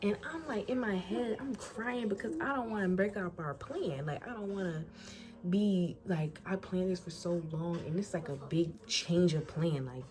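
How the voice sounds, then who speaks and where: A young woman from Florida telling a casual storytime about getting into college, animated and colloquial, acting out what people said. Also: on the low side, moderate pace. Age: young adult. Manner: animated, colloquial, acts out quotes. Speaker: incoming college student. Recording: music playing behind voice.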